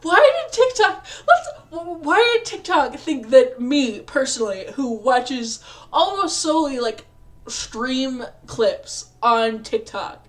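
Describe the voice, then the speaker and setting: A woman's voice: sits high, very animated, slow. A young woman reading a visual novel aloud as a let's play, rambling and self-mocking with frequent laughs.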